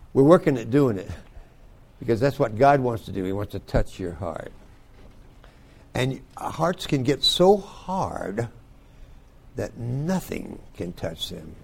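An older man teaching a youth Bible school class, folksy and joking, with loud bursts for emphasis. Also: mid-range voice, vocal fry. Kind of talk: folksy devotional talk to youth.

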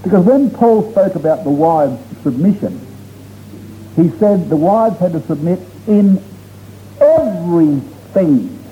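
A man's voice: high voice, expressive, takes it slowly. A man preaching a sermon to his congregation, earnest and emphatic, drawing out key words for stress. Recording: dull lo-fi recording with faint noise.

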